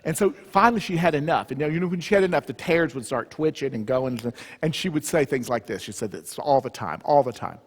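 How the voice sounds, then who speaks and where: A man's voice: mid-range voice, brisk, breathy edge. Retreat speaker, male, comic storyteller, echoing church hall. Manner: humorous, animated storyteller. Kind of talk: storytelling talk. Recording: long church reverb.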